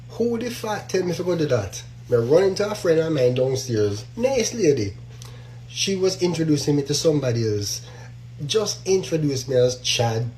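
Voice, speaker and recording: Jamaican man, fairly high voice, patois-heavy, animated exasperated rant to camera. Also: slight background noise, poor audio. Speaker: social media commenter. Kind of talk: ranting monologue to camera.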